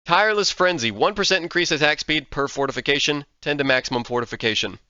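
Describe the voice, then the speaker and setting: Man, gaming commentary, bright smooth voice, dry slightly muffled sound. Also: fairly high pitch, quick pace, no echo. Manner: enthusiastic, reads game text aloud then reacts. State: sleepy, yawning. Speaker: gaming content creator. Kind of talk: casual game commentary.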